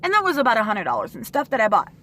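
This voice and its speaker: Exasperated high-voiced woman venting to camera. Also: big pitch swings, pushed and bright. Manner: frustrated, swearing, with sighs and pauses. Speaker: vlogger.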